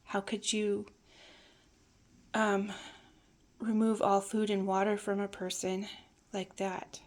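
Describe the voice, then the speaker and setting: A woman telling a personal family memory in a reflective, hesitant way, sometimes dropping to a soft near-whisper. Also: medium pitch, level tone, slow pace. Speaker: storyteller.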